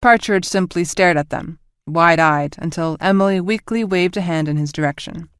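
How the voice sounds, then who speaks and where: A woman narrating a science fiction audiobook with an even, clear reading, voicing all the characters herself. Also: fairly low pitch, normal speed, no room sound, clean studio sound.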